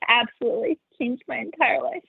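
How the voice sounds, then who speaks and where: A chatty young woman with a fairly high voice talks warmly and loosely, filling her answers with "like" and quick laughs. The sound is dry and narrow, as if over a phone line. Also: gravelly, breathy edge, no echo. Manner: chatty, many "like" fillers, laughs often. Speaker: sanctuary founder, interview guest. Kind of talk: casual interview answers.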